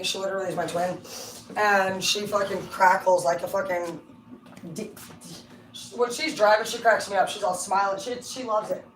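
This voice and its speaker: A middle-aged woman giving a casual, rambling tarot reading on a livestream. She talks excitably and swears constantly. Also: medium pitch. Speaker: tarot card reader. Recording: roomy sound from a distance, faint hum.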